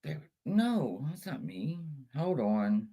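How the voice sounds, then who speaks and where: A woman hosting a casual livestream with a lively, swooping voice. She talks in a scattered, chatty way to her viewers. She curses often and mocks herself. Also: very deep voice, takes it slowly, husky. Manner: scattered, chatty, cursing, self-mocking. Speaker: livestream host.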